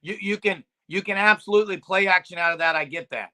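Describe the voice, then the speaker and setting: Male co-host, high and bright, argumentative, keeps naming his partner. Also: fast talker. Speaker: sports podcast co-host. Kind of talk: casual sports talk.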